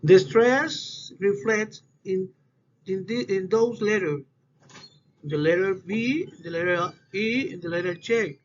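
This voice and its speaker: A man giving a class presentation on word stress, in halting English that repeats words as he goes. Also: high-pitched. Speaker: student presenter. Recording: dull lo-fi recording with faint noise.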